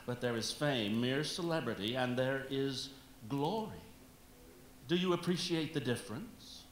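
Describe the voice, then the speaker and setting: A man's voice: mid-range voice, lively intonation, unhurried, reverberant, a little hiss or hum, natural voice. A man playing the ghost of a grand old stage actor, with a declamatory, commanding delivery in an amateur stage play. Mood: lofty.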